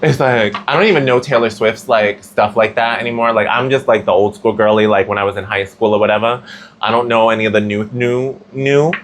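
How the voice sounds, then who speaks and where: A man's voice: fairly low pitch, steady tone, fairly quick, a little hiss or hum. Chatty slangy man giving a tarot reading. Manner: chatty, slangy, full of "like" fillers. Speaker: tarot reader. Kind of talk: casual tarot reading monologue.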